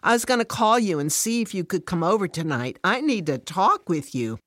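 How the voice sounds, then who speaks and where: A woman's voice: on the low side, sing-song, normal speed, no echo, pitched above the performer's own voice. A woman voicing a defensive working mother who is easily upset and close to tears. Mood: eager. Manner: indignant, near tears.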